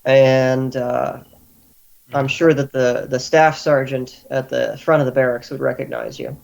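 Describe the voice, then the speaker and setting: Relaxed man narrating as game master. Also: mid-range voice, unhurried, gravelly, poor audio.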